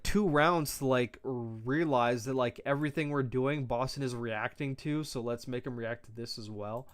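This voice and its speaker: A young man in the middle of an esports stream, picking apart a match for his viewers. His voice sits at a plain middle pitch, and his delivery is mostly flat and monotone, as he says himself. His speech is casual and slangy, full of swearing. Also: moderate pace, few pauses, no echo, studio quality. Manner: loose, profane, slangy chatter, calls his own voice monotone.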